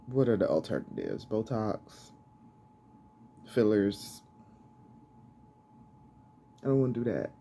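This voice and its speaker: Middle-aged lady vlogging, chatty and unhurried, voice bounces up and down a lot. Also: rumbling low, mellow, slight background noise. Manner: chatty, repeats herself, self-deprecating asides. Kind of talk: casual chat to camera.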